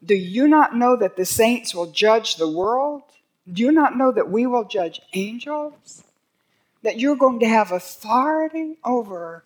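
An older woman teaching a sermon, earnest and growing emphatic when she reads scripture aloud. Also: fairly high pitch. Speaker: Bible teacher.

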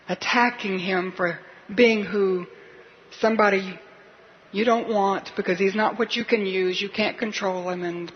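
A woman's voice: medium pitch, dull audio, a little hiss or hum. A woman preacher delivering a sermon in an earnest, questioning, urgent manner.

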